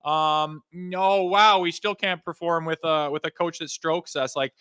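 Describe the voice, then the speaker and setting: A man's voice: a little high, steady tone, measured pace, sharp tone, clear, resonant tone, dry recording. A man co-hosting a hockey podcast, ranting in a fired-up way and swearing freely. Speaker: podcast co-host. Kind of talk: heated hockey talk.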